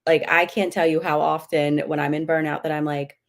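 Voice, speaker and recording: A woman's voice: low-pitched, level tone, brisk. A woman, a spiritual medium, chatting candidly as a guest on a livestream and acting out her own outbursts. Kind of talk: casual livestream chat.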